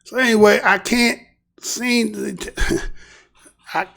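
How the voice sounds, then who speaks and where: A man hosts his own livestream, his voice pitched high with a rough, gravelly edge. He talks emphatically and animatedly, then drops into low muttering. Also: steady tone, extremely slow, fairly bright tone. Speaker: show host. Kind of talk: casual livestream commentary.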